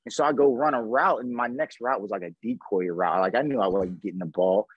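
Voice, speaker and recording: A man in his thirties, a former pro football player, telling stories in a casual interview, slangy and animated, acting out what people said. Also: lowish voice, a little fast, muffled recording, heavy background noise. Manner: animated, slangy storyteller acting out quoted dialogue.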